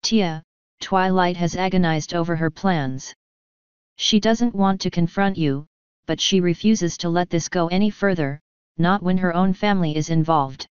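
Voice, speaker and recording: A woman reads the lines of a grave royal mare from a storybook, pleading slowly and solemnly. Her voice is low and very smooth and sounds natural. The recording is dry, slightly dull, and has no echo.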